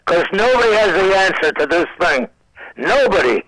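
A man's voice: sits high, very animated, normal speed, fairly bright tone, no echo, rough recording. A man in his nineties, a comedian guest calling in from home, rambling with stammered restarts and dry wisecracks. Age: 90s. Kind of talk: joking radio interview.

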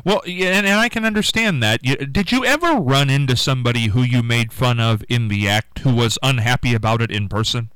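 A man's voice: mid-range voice, a little fast, few pauses, a bit bright, clean tone, dry recording, low-quality recording. A man hosting a radio interview, upbeat and chatty, laughing along with his guest. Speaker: radio host.

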